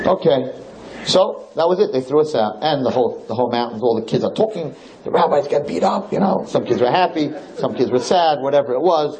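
A man, a rabbi, telling a story during a religious lecture in an animated way, with his pitch jumping high when he gets excited. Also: a little fast, noisy background.

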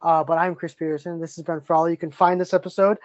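A man's voice: a little high, level tone, quick pace, dry recording, muffled recording. Enthusiastic male podcast host, dry mic. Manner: enthusiastic, many fillers and restarts. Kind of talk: casual podcast chat.

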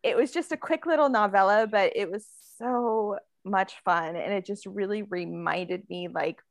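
A woman's voice: medium pitch, normal speed, vocal fry, no echo. A woman author in a casual podcast interview, talking in a chatty way with many fillers and frequent laughter. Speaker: author guest.

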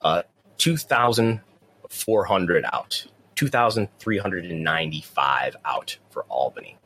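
A man's voice: deep voice, expressive, a little slow, pushed and bright, slightly rough. A man co-hosting a casual wrestling news talk show, rambling with frequent restarts. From near the US–Canada border. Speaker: podcast co-host.

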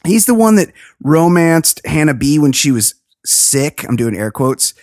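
A woman's voice: low-pitched, big pitch swings, a little slow, a little mellow, no room sound, clean studio sound. A woman hosting a podcast, recapping a reality show in a gossipy, sarcastic, profane way. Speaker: podcast host. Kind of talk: casual podcast chat.

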